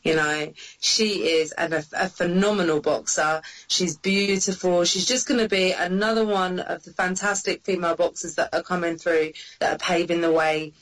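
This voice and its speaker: A woman's voice: fairly low pitch, fairly even intonation, normal speed, few pauses, fairly bright tone, distant mic, poor audio. A woman boxer chatting as a podcast guest, enthusiastic and giggly. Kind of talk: casual interview chat.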